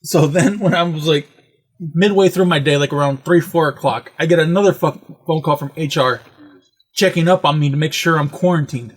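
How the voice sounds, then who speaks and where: High-voiced man telling a profane story. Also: moderate pace, slightly rough. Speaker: podcast host. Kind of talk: casual chat.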